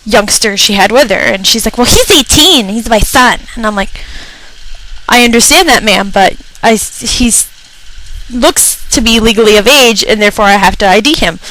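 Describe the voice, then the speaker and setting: A young woman radio personality launches into a comedic, profane rant about retail customers, exasperated and acting out the people in her stories. Her voice is medium-pitched and fairly bright, at a moderate pace, in a low-quality recording.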